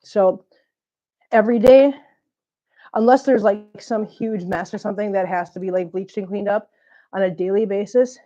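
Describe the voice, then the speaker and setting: A woman's voice: mid-range voice, steady tone, moderate pace, long pauses, dark tone, highs cut off. A woman chatting through a live vlog while cleaning up after her cats, out of breath from the heat and cooing at them in baby talk. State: overheated and out of breath. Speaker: cat channel vlogger. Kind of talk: unscripted live-stream chat while cleaning.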